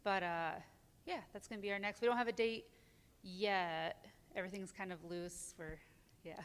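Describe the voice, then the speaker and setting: Woman guest speaker, clear resonant voice, unsure and halting, in a long-reverb hall. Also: medium pitch, steady tone. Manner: hesitant, many ums, nervous laughs. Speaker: community group organizer, guest. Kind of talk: casual on-stage interview. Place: church sanctuary.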